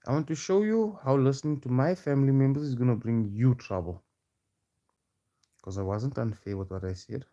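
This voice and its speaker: Dark-voiced man ranting. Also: medium pitch, normal speed, dull audio. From South Africa. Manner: taunting, challenging, repeats himself. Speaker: protester. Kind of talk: confrontational street rant.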